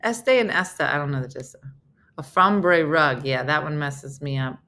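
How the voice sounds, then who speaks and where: A woman's voice: low-pitched, normal speed, sharp tone. A middle-aged woman with a New Jersey accent, hosting a casual live morning show and chatting with viewers in a self-mocking way.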